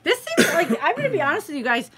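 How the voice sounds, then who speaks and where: A woman's voice: extremely high pitch, big pitch swings, racing, a bit bright, a little hiss or hum. A woman hosting a late-night live stream from home, chatty and giggly, teasing her viewers. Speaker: crochet channel host.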